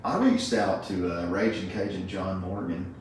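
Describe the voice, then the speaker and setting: Brief: lower-voiced folksy man as host, distant mic, boomy echo. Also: normal speed, a little hiss or hum. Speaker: podcast host. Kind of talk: casual chat. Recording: very echoey room, mic far off.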